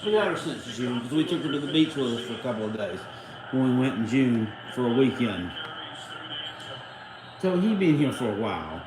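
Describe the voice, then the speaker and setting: A man's voice: mid-range voice, very animated, normal speed, reverberant, noisy background. A middle-aged man, hosting a live watchalong stream in a casual, rambling way and cussing freely. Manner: rambling, salty, cusses freely. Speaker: livestream host.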